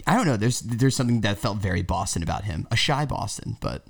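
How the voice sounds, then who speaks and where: A man co-hosting a casual podcast chat, excitable and playful, swearing freely. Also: lowish voice, quick pace, vocal fry. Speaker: podcast co-host.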